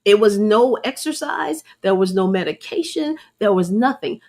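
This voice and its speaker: A woman's voice: mid-range voice, expressive, moderate pace, darkish tone. A middle-aged woman, sharing a faith-based personal testimony in an earnest, preacherly way and calling her listeners y'all. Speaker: host.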